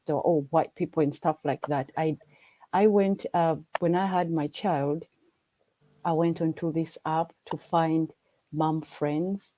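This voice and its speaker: A woman's voice: low voice, mellow, dry recording, low-quality recording. A Ugandan woman for whom English is a second language, chatting earnestly on a video call and often repeating herself as she restarts. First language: not English. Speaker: livestream guest. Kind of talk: casual chat.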